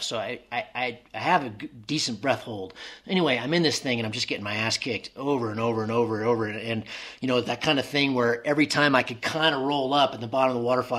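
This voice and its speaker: A man's voice: medium pitch, a bit bright. A man as an interview guest, telling a story in casual speech with many restarts, acting out remembered inner dialogue.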